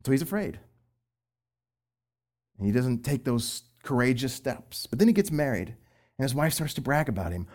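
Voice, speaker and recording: This middle-aged ex-youth pastor talks about Christian marriage at normal speed with long pauses, his pitch jumping in lively swings. His delivery moves between loud, pressing emphasis and quiet asides.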